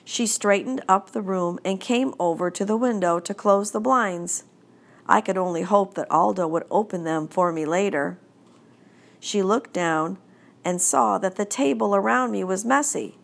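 A woman narrating a children's audiobook in a gentle, deliberate storytelling manner. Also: mid-range voice, creaky.

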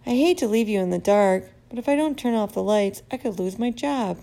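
A jolly, talkative male night janitor who chats and cracks jokes in a friendly way, as a woman reads him aloud from a storybook. His voice carries a heavy gravelly fry. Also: mid-range voice, animated, fairly quick, warm tone. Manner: chatty, jokey, friendly. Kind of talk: storybook reading.

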